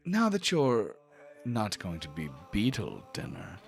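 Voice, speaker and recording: A sly little gnome with a high, needling voice, folksy and pushy as he angles for payment, as a man puts him on. He is a small wiry fellow who sounds grasping and never lets a point drop. The pitch sits well above a normal man's. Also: wildly swooping pitch, slow, soft background music, full character voice.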